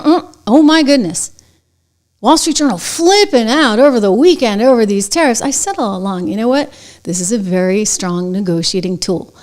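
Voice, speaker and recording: Woman, middle-aged, commentary host, sarcastic, brisk, conversational. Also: on the high side, darkish tone. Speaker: show host. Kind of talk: opinionated commentary.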